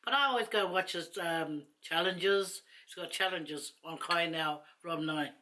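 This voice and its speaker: A New Zealand mukbang vlogger chats casually to camera while eating, rambling and laughing between asides. Her voice is fairly low, pushed and bright, and she takes her time.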